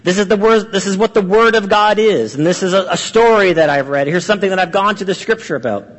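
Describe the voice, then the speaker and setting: Man, pastor, high voice, earnest sermon, rhetorical questions, echoing hall. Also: fast talker.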